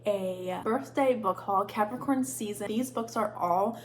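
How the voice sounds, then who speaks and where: A woman's voice: medium pitch, measured pace. A woman in her twenties chatting casually as a book vlogger, rambling, giggly and self-deprecating, with lots of "like" fillers. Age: 20s. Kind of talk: casual chat.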